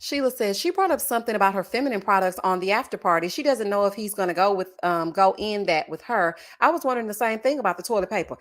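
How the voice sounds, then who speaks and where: A young adult woman hosting a casual reaction chat, reading viewer comments in a sassy, animated way and drawing out "child" and "honey". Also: mid-range voice, fast, hardly any pauses.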